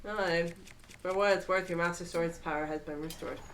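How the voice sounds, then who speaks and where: A woman's voice: on the low side, fairly even intonation, brisk, slight background noise. Giggly woman chatting over a game. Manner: chatty, giggly, rambling asides. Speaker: streamer playing a game. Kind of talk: casual let's-play commentary.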